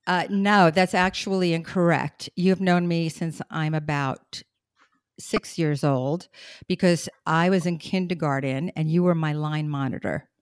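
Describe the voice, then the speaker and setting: Host type: middle-aged woman from Brooklyn, lower voice, bubbly, dry close sound. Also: fairly even intonation, unhurried, clear, resonant tone, no echo. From Brooklyn, New York. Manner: chatty, bubbly, breaks into song. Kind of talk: casual interview chat.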